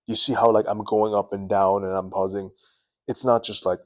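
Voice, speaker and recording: A man's voice: fairly low pitch, moderate pace. Earnest young man coaching to camera. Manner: earnest, animated, varies tone up and down on purpose, restarts words. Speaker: self-improvement video host. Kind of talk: direct-to-camera advice talk. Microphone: camera mic.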